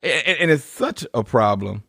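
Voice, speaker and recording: Stammering man with a gravelly voice. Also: medium pitch, big pitch swings, moderate pace, a bit bright, no room sound, studio quality. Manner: rambling, stammering, laughs often. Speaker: podcast co-host. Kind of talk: casual podcast chat.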